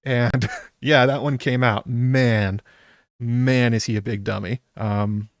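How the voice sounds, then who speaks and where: A man's voice: medium pitch, steady tone, slow pace, dry recording, clean studio sound. A man hosting a casual solo aftershow, chatty and incredulous, laughing often and filling gaps with ums. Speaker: YouTube aftershow host. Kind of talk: casual solo reaction commentary.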